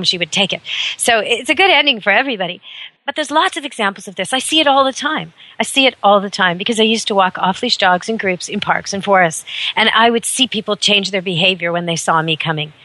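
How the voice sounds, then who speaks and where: A woman radio host delivering an emphatic, indignant talk radio monologue from a studio mic. Her voice is bright and forceful, and the sound is dry and close. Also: medium pitch, no room sound.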